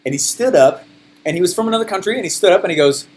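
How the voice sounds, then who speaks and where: High-energy man coaching a group. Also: racing. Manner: high energy, emphatic, animated. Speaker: sales coach.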